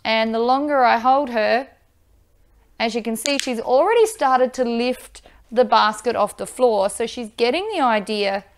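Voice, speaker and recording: An upbeat woman, teaching dog training and giving loud bursts of praise into a microphone. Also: fairly high pitch, fairly even intonation, measured pace. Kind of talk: instructional video with live dog training.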